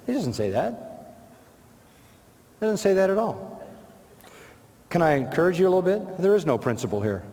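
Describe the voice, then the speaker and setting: A man delivers a sermon in a fairly high voice, firing rhetorical questions and repeating short punchy lines for emphasis. His voice rings out with the long reverb of a large hall. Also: very animated, normal speed, long pauses, dark tone. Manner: rhetorical, quotes imagined objectors and answers them. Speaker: preacher.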